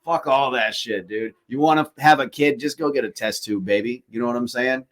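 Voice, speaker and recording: A man's voice: medium pitch, brisk, a bit bright. A man telling stories in a loose, profane podcast chat, full of fillers. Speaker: podcast host. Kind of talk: casual chat.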